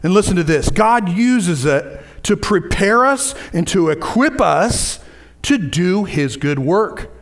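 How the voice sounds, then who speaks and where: A man preaching a sermon, lively, with asides and repeated phrases. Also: high voice, slow. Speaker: pastor.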